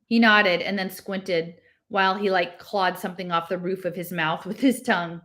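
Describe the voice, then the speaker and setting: A woman's voice: fairly even intonation, normal speed, fairly bright tone. Woman, novel read aloud, plain narration, voices raised for dialogue. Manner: lifts pitch and voice for characters' lines. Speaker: reader.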